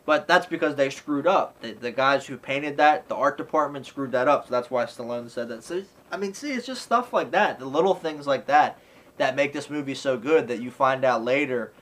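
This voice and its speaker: A man's voice: medium pitch, normal speed, a bit bright, rough recording. Rambling man reviewing a movie. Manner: rambling, full of "you know" and "like", acts out quoted lines. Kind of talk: casual spoken film review.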